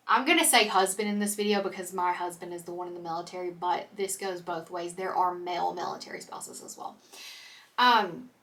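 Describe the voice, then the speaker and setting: A woman's voice: medium pitch, fairly bright tone, recorded from a distance. A young woman chatting candidly to camera as a vlogger, full of "like" and "um". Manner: chatty, candid, filler-heavy with "like" and "um". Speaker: vlogger, military spouse. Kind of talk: casual chat to camera.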